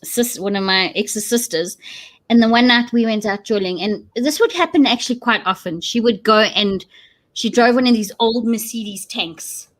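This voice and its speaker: A woman with a South African accent, chatting casually with lively, jokey asides. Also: fairly high pitch, moderate pace. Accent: South African English. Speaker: co-host. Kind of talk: casual chat.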